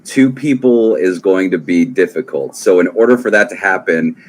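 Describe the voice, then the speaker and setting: A man's voice: low voice, lively intonation, moderate pace. A man, running a tabletop game as game master in an easygoing, reassuring way.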